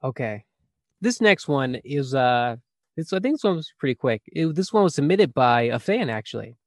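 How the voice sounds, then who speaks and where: A man's voice: mid-range voice, big pitch swings, normal speed, dry recording. A man co-hosting a casual chat, joking and laughing as he reads out fan questions. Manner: laughing, jokey, acts out bits in whispers. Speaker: podcast co-host.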